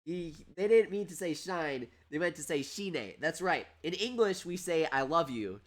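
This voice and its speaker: A man hosting a livestream, giving excitable, chatty commentary on a mobile game while reading out viewer questions. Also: a little high, normal speed. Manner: excitable, animated and chatty, often breaking into laughter. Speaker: streamer and host. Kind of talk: live gameplay commentary reading chat.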